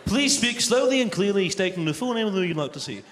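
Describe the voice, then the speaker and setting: A Scottish man imitating a polite automated ticket booking line, speaking slowly and over-enunciating. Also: high voice, lively intonation, heavy background noise, voice pushed up. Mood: robotic.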